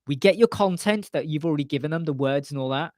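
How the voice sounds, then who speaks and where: A man's voice: a little high, quick pace, no echo. Dry-sounding man chatting live. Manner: animated, acts out customer quotes, repeats points for emphasis. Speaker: web designer hosting a live web chat. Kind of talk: casual live-stream chat answering viewers. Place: small home studio room with soundproof panels.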